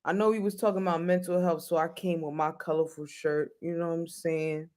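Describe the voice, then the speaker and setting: A man's voice: fairly high pitch, flat delivery, brisk, darkish tone. A man hosting a casual chat show, talking in a loose, joking, slangy way. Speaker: host.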